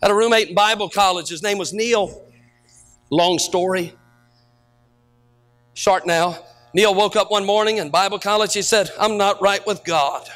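A middle-aged man preaching as a pastor, telling stories to his congregation and rising to shouted peaks. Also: high voice, normal speed, long pauses. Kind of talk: sermon.

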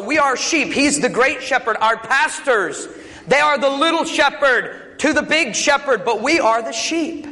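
A man's voice: very high voice, expressive, normal speed, bright, forceful tone. A male preacher delivering a folksy sermon in a church sanctuary, telling jokes and stories. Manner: folksy, storytelling. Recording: echoey church hall.

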